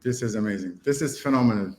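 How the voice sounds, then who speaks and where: A man's voice: lowish voice, quick pace, a little mellow. Enthusiastic man from Lebanon, podcast guest. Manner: enthusiastic and grateful, hesitant with fillers. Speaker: podcast guest, food blogger. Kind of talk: casual podcast chat.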